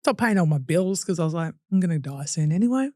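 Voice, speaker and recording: A young Australian woman, a guest on a podcast, bluntly tells her hard story with swearing, laughing through painful memories and acting out what people said. She talks fast in a low-side, warm voice with lively intonation. The studio-quality recording has no echo.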